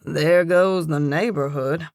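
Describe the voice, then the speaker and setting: A woman's voice: deep voice, slow, a little mellow, dry recording, clean studio sound. A woman voicing a teasing, easygoing young man in an audiobook, with a wry, playful delivery. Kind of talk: audiobook character voice.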